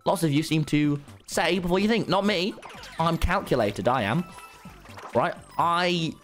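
Excitable man streaming a game. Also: fairly high pitch, unhurried, faint music behind. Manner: excitable, mock-outraged, swears a lot. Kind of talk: casual gaming livestream.

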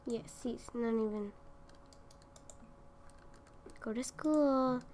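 Slow-talking young woman commenting on gameplay. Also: fairly high pitch, darkish tone. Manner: exasperated, talks to the game characters. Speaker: gaming video creator.

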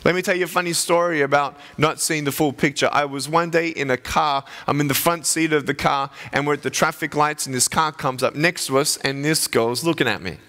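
A man in his thirties giving a humorous chapel talk as an evangelist, telling stories with lively swings in pitch. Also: a little fast, few pauses. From Australia. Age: 30s. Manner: animated storyteller with jokes and wide pitch swings. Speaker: evangelist speaker. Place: chapel audience hall.

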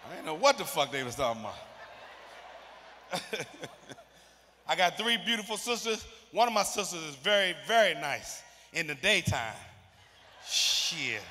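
A high, bright-voiced man in his fifties delivers a stand-up routine, his profane family stories bursting into loud acted-out bits. The sound carries a long hall reverb with faint music underneath, as on a live stage recording. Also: animated, normal speed. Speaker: stand-up comedian.

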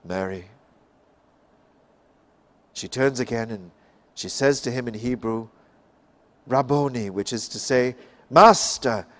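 A man from Canada giving an expository Bible talk, slow and emphatic, rising and falling for effect. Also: medium pitch. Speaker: Bible class speaker.

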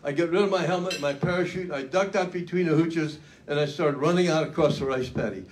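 An older man speaks at a luncheon, spinning a dramatic story with a folksy, self-mocking touch. His voice sits a bit high for a man. A faint hiss of room ambience runs underneath. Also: fairly quick. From United States. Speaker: keynote speaker. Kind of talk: storytelling speech. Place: luncheon event hall.

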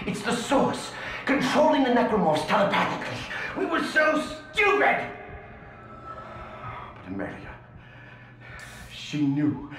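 A man's voice: on the high side, pushed and bright, exaggerated voice. An actor playing a remorseful male scientist in a sci-fi horror game, talking in an urgent, confessional way. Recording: echoey game audio.

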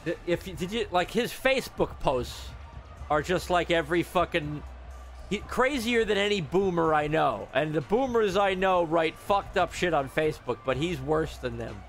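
A man giving loud, swearing commentary while playing a football video game, reacting to every play. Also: a little high, normal speed, faint music behind. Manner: excitable, yells and swears at the game. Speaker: gamer streamer. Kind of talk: live gameplay commentary.

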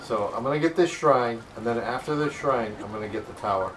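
A man's voice: mid-range voice, brisk, a bit bright. A man playing a video game with his child, chatting casually and joking around, often trying out French words. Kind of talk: casual gaming chat. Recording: distant mic with faint background noise.

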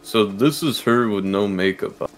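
A young man playing a co-op game with his friend, joking in a relaxed way and fretting about dying. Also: lowish voice, normal speed. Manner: laid-back, joking, nervous quips. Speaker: co-op guest player. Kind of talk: casual co-op gameplay chat. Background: game music.

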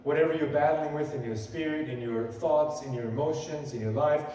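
Delivering a sermon in a church sanctuary, a man speaks fairly quickly in a slightly high voice with a dark tone. He's earnest and conversational, pressing harder as he quotes scripture; the sound is distant and echoey, with slight background noise.

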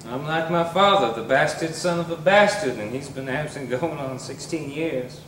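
An actor playing a restless young son who talks with moody, defiant intensity, in a stage play. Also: male voice, on the high side, normal speed, fairly bright tone, lightly acted. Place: theater stage. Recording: roomy stage audio from far off with hiss.

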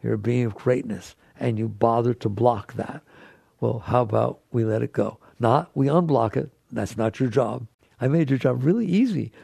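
A man's voice: mid-range voice, moderate pace, gravelly, mellow, slightly rough, no echo, studio quality. A man giving a spiritual talk to an audience as a teacher, speaking in an emphatic, conversational way that repeats key phrases.

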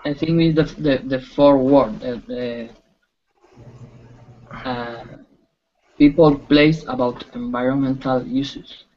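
A man's voice: medium pitch, steady tone, slow, pauses often, dull audio, slight background noise. A man answering in an English class, hesitant and searching for words, heard from across the room. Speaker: English student.

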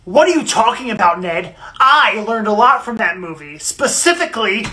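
A woman's voice: fairly high pitch, very animated, moderate pace, pushed and bright. A woman voicing an easygoing cartoon boy. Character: laid-back boy who calls friends partner.

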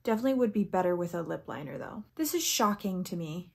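A young woman reviewing makeup on camera, chatty and easily excited, sometimes reading product text aloud and tripping over words. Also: mid-range voice, fast, vocal fry, few pauses, husky. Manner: chatty and excitable, gasping at swatches. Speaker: beauty vlogger. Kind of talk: casual first-impressions makeup review.

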